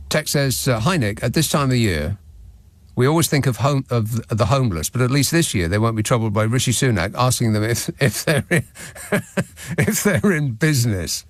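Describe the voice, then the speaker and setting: A man's voice: medium pitch, expressive, normal speed, no room sound. A man hosting a late-night radio phone-in, talking in a dry, sardonic, mock-indignant way.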